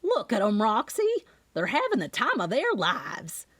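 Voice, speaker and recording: A mischievous older aunt talks in a spirited, teasing way, as a woman narrator puts her on. Her pitch leaps about with animation, close and dry in an audiobook recording. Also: wildly swooping pitch, unhurried, husky, no room sound, heavily acted. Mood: excited.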